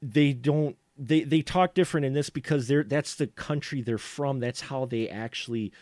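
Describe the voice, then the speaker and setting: A man's voice: medium pitch, normal speed, a little mellow, no room sound, clean studio sound. A man from the upper Midwest co-hosting a podcast, rambling and laughing as he talks about films. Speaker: podcast co-host. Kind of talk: casual film discussion.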